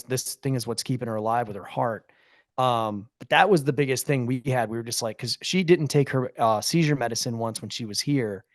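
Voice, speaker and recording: A man's voice: medium pitch, no room sound. A man co-hosting a podcast, spinning a long family story in an easy, chatty way. He slips into the voices of the people he quotes, and the recording sounds dry and close. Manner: animated storyteller acting out quotes. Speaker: podcast host. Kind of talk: casual storytelling chat.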